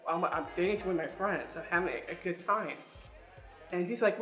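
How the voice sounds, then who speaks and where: A man's voice: high voice, moderate pace, bright, forceful tone. Earnest young man telling a story. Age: young adult. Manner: earnest, repeats and restarts words, speaks straight to listeners. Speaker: actor telling a personal story. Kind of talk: personal storytelling to the audience. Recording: roomy sound with faint music.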